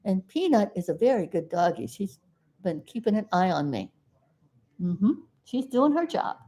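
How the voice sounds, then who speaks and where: A woman from South Florida chatting casually to camera as a vlogger, folksy and rambling, with sudden loud outbursts followed by sheepish apologies. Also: mid-range voice, big pitch swings, normal speed. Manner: folksy, talks aside to her dog.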